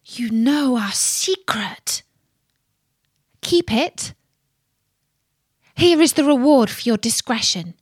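A woman's voice: a little high, expressive, takes it slowly, pauses often, slightly rough, no room sound, studio quality, pitched above the performer's own voice, exaggerated voice. A woman voicing a proud young princess who asks commanding questions in a storybook reading. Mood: secretive. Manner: imperious, demanding questions.

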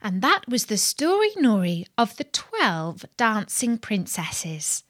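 A woman telling a fairy tale as a bedtime story, soft-voiced and dropping into whispers now and then. She reads at a very slow, unhurried pace. The recording is close and completely dry. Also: mid-range voice, big pitch swings, dry recording.

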